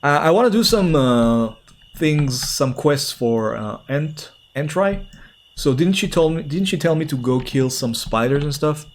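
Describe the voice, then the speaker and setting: A man's voice: fairly high pitch, lively intonation, measured pace, slight background noise. A man streaming a game, talking casually and playfully as he reacts to what happens. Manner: chatty and playful, reacting aloud as he plays. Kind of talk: casual gameplay commentary.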